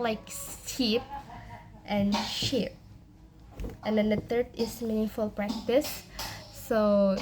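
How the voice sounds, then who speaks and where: A young woman with an Indonesian accent gives a class presentation at a slow, unhurried pace. Her speech is halting, packed with fillers and restarts, and her pitch is middling. There is noise in the background.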